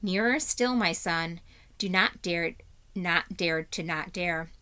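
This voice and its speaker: A majestic, kindly great lion from a children's storybook, as a woman reading aloud puts him on. He speaks slowly and solemnly, lower and fuller than the reader's usual voice, with calm command. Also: clean tone.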